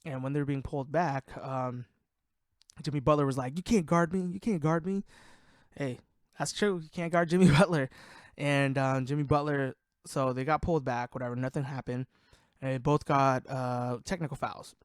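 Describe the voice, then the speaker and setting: A man's voice: medium pitch, fairly even intonation, normal speed, smooth, no echo, clean studio sound. A man hosting a casual sports podcast, ranting in a heated, profane way, worked up and sweating. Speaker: podcast host.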